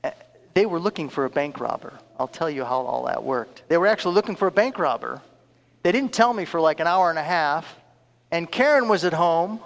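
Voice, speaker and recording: A man, a preacher, telling a story in a sermon with an animated, chuckling delivery. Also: fairly high pitch, brisk, gravelly. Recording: long reverb of a large hall.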